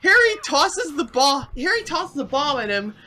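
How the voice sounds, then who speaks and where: A man's voice: very high-pitched, moderate pace, soft background music. A man co-hosting a game stream, chatting casually and telling stories with lots of energy and laughter. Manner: animated storytelling, laughs often. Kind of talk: casual chat.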